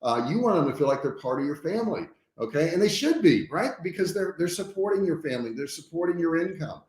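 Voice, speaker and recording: A man's voice: a little high, expressive, fast, a little mellow. Frank man lecturing, echoey room. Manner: frank and emphatic, often tags points with "okay?". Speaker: business trainer hosting a livestream. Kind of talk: casual livestream talk. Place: home office.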